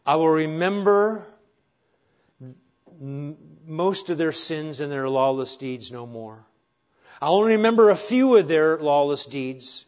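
Earnest pastor preaching, lo-fi. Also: male voice, on the high side. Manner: earnest preaching with rhetorical questions and self-deprecating asides. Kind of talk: sermon.

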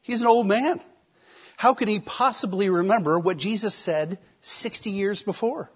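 Man preaching, emphatic, fairly high voice, rhetorical questions, slightly dull lo-fi recording. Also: moderate pace, breathy edge. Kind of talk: sermon.

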